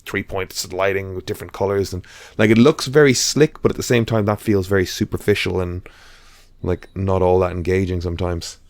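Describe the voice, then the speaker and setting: A man's voice: deep voice, fairly even intonation, fairly quick, no echo. A man co-hosting a podcast, chatting casually about films, rambling with lots of fillers and restarts. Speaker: podcast co-host. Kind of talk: casual chat.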